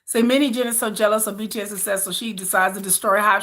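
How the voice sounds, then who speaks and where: A woman's voice: medium pitch, quick pace, hardly any pauses, sharp tone. A woman vlogger chatting casually, ranting with exasperation, repeating herself and answering viewer comments. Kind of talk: casual chat.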